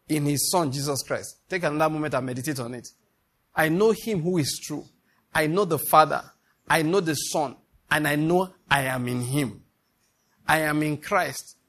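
A man preaches with a slightly high voice, drawing out scripture in slow, measured declarations. He repeats each line so the congregation can say it after him. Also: fairly bright tone. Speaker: pastor. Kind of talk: sermon with guided scripture meditation.

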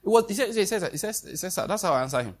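A man's voice: sits high, animated, racing, breathy edge. A man preaching a sermon in a conversational way, with quoted dialogue and questions to the congregation.

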